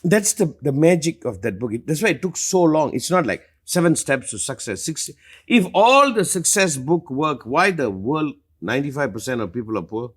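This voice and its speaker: Husky, animated man teaching with passion. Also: moderate pace. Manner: emphatic, passionate, lively swings in pitch and loudness. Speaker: spiritual teacher. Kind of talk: live Q&A talk.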